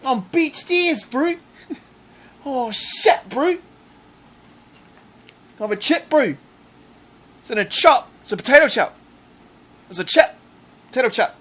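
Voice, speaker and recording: A man putting on an exaggerated New Zealand accent as a loud, excited young bro. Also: very high-pitched, slow pace, pauses often, voice pushed up, heavily acted. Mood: hyped.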